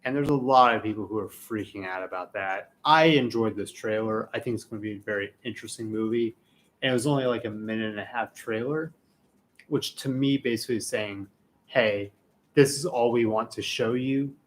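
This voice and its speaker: A young man co-hosting a casual film podcast, talking fast and excitably with lots of swearing. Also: lowish voice. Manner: excitable, heavy swearing, animated rants. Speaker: podcast co-host.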